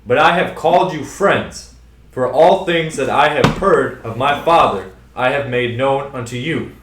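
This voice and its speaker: A man slowly reading scripture aloud in a measured way. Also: medium pitch, reverberant, noisy background.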